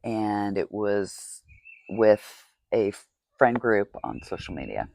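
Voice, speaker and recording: A woman's voice: extremely low pitch, big pitch swings, slow pace, creaky, darkish tone, no echo. A woman hosting a podcast, speaking candidly in a confessional monologue, often asking "right?". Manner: candid, tearful, asks rhetorical "right?". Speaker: podcast host.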